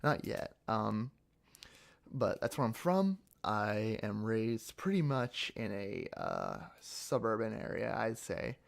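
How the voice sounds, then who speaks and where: A man's voice: lowish voice, big pitch swings, slow pace, vocal fry. A young man from central Pennsylvania answering viewer comments in a rambling casual chat, full of fillers and restarts. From central Pennsylvania, United States. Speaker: ASMR channel host.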